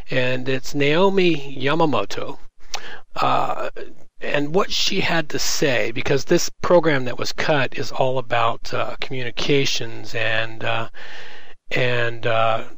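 A man's voice: mid-range voice, slow pace, vocal fry, fairly bright tone, dry recording, low-quality recording. A man co-hosting a podcast, rambling sarcastically about politicians with many fillers and some swearing. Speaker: podcast co-host. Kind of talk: profane casual chat.

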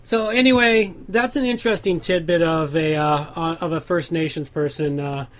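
A man's voice: a little high, fairly even intonation, normal speed. A man hosting a podcast, steering the talk casually with plenty of hesitation. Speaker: podcast host. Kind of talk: casual chat, steering segments.

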